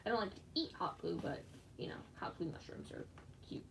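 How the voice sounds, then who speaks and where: Giggly, excitable woman with lively pitch. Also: fairly quick, creaky. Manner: giggly, excitable, bursts of squeals. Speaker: fursuit maker streaming live. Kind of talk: casual chat while crafting. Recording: distant mic with faint background noise.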